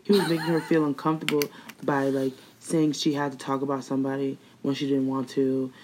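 A woman's voice: rumbling low, level tone, fairly quick, a little mellow, slight background noise, rough recording. A young woman co-hosting a casual gossip chat, blunt and profane, laughing often.

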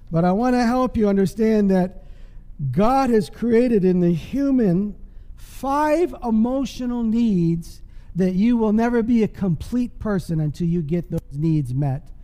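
Inside a church with a long echoing tail, a man's high, mellow voice delivers a forceful sermon. He engages the congregation call-and-response style, checking in with them as he goes.

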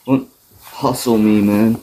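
A man's voice: lowish voice, steady tone, slow pace, mellow, slight background noise, low-quality recording. A man chatting casually beside a friend, tossing out short, dry, teasing lines. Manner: dry, teasing one-liners. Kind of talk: casual chat.

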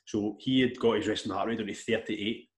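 A man telling a long story in casual chat, rambling and animated, with restarts and swearing. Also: lowish voice, a little fast. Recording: echoey room.

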